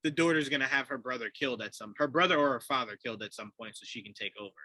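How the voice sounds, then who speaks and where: A man co-hosting a podcast in casual chat, animated and laughing often as he acts out quotes. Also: mid-range voice, racing, dry recording, poor audio. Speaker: podcast co-host.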